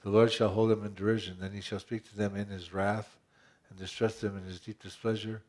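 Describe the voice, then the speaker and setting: A man's voice: fairly low pitch, little pitch movement, a little fast, a little mellow. A man pastor preaching a conversational sermon, asking rhetorical questions and often restarting his phrases.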